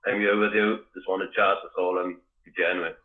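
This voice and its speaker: A man calling into a live stream who talks in a halting, mumbled way that is hard to make out. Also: sits low, level tone. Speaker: caller. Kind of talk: casual call-in chat. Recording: tinny echoey phone line.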